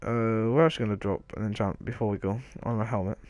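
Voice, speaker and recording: A man's voice: on the low side, steady tone, fast, a little mellow, no echo. A man casually commenting on his own video game play, rambling and joking at himself, often trailing off mid-sentence. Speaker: gaming video host.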